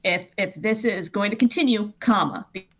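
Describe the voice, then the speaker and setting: A woman co-hosting a stream, explaining writing rules in quick, wry, casual talk. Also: mid-range voice, slightly rough, muffled recording. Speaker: co-host critiquing viewer writing.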